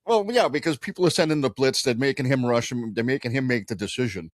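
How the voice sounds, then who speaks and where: A male podcast co-host breaking down football in rambling, loose talk with the odd curse and frequent laughs. His voice sits at an ordinary middle pitch. The sound is dry and close. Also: quick pace, dry recording. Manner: rambling, laughs often, loose profane analysis. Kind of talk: casual sports chat.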